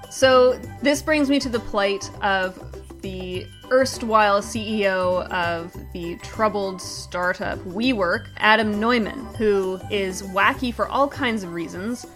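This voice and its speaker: A woman's voice: mid-range voice, a bit bright. Wry woman co-hosting a comedy segment. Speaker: comedy show co-host. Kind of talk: scripted comedic news chat.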